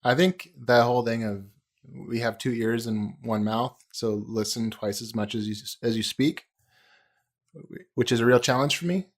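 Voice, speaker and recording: American man, podcast co-host, casual chat, self-deprecating, medium pitch. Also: fairly even intonation, normal speed. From United States.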